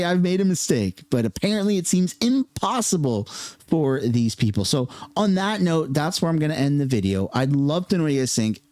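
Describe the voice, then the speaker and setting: A man hosting casual political commentary, talking in an animated, sarcastic way. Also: a little high, dry recording. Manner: animated and sarcastic, lively ups and downs.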